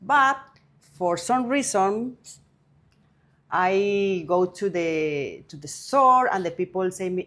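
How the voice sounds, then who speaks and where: A middle-aged woman from Colombia with a Colombian Spanish accent, a native Spanish speaker and wellness coach, telling her story in halting English with many restarts. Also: mid-range voice, animated. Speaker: guest, holistic wellness coach. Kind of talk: interview.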